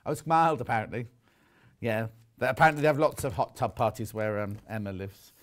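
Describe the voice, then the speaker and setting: Male shopping-channel presenter, rambling friendly sales patter, mid pitch. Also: brisk. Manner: chatty, rambling, teasing. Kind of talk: live TV sales chat.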